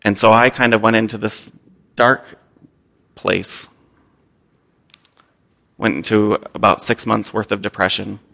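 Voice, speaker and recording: Earnest missionary man with a gravelly voice. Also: on the low side, flat delivery, a little slow, long pauses, pushed and bright. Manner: earnest, candid, self-deprecating. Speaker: missionary speaking to a church. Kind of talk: personal testimony talk.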